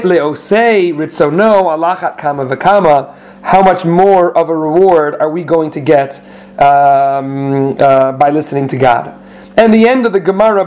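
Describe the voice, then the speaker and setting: A man's voice: high-pitched, a little mellow. A man giving an informal Torah lesson, quoting Hebrew and Aramaic texts and translating them, with frequent restarts. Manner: explains with restarts, quotes Hebrew and Aramaic text then translates. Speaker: Torah teacher.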